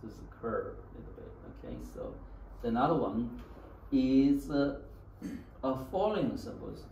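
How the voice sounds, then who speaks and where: A man's voice: mid-range voice, animated, a little slow, mellow, dull audio. A man teaching a beginner language class, talking loosely with many "okay"s and having students repeat after him. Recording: echoey classroom, distant mic, faint hiss.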